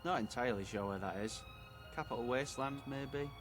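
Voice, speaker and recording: A man's voice: mid-range voice, brisk, over music, lightly acted. A man playing a grumpy East Yorkshire fisherman. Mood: grumbling. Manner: blunt, grumbling. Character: gruff male fisherman, grumpy and weathered.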